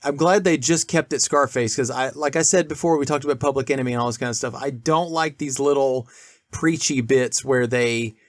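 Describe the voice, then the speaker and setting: A man's voice: mid-range voice, brisk, dry recording. Male podcast co-host, rambling casual film talk, dry close mic. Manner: rambling, many restarts and fillers.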